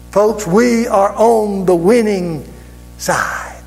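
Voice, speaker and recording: A man preaches with fervor in a high, lively voice, swinging from low murmurs to ringing shouts. His slow, deliberate delivery stretches key words for emphasis. The sound carries a long church-hall reverb with soft music underneath. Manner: fervent, rising to shouts, drawn-out emphatic words. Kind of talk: sermon. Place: church sanctuary.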